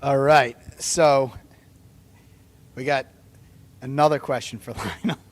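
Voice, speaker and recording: A man's voice: medium pitch, slow pace. A man moderating a press conference, asking questions in a playful, joking way. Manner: playful, joking, laughs often. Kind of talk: casual moderating.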